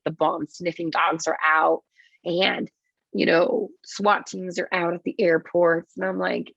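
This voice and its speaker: Gravelly low-voiced woman telling a story. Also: dry recording. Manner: swearing, quick and vivid, acts out her own quotes. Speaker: nurse, podcast guest. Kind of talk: casual storytelling interview. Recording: dull lo-fi podcast audio.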